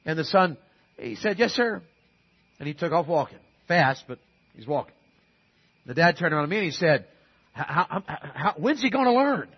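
A man's voice: on the high side, lively intonation, moderate pace, pauses often, slightly rough, dull audio. A man preaching a sermon to his congregation in a conversational way, asking the crowd questions and acting out the parents he quotes. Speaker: pastor. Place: church auditorium with a congregation.

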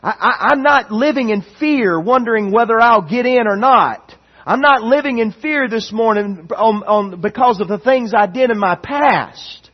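A man preaching a sermon as pastor, emphatic and repetitive, reading scripture aloud, recorded in dull lo-fi sound. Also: high voice.

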